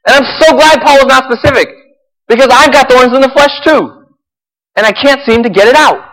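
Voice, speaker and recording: A male pastor with a high voice preaches in a sermon, moving between loud, intense stretches and quiet, hushed ones. His words ring out with a long reverb, like a large church hall. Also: a little fast. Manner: swings from loud and intense to hushed and soft, with laughs.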